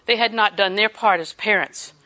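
A woman's voice: mid-range voice, moderate pace, sharp tone. An older woman preaching a sermon in a folksy, chatty way, laughing often.

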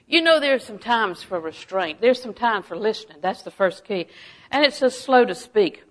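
A middle-aged woman delivers a folksy sermon full of personal stories. She talks in an animated way, laughing often and dropping her voice to a hush for asides. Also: a little high, fairly quick, poor audio. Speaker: preacher.

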